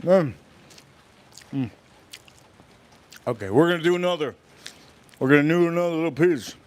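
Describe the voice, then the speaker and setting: A man hosting a casual livestream, chatting and reacting out loud while he eats. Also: fairly high pitch, normal speed, long pauses, slight background noise. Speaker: livestream host. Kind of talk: casual livestream food tasting.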